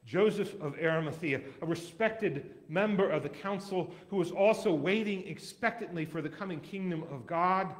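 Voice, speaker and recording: A man reading scripture aloud as a dramatic recitation in a church, measured, with wide swings in loudness. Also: a little high. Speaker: scripture reader.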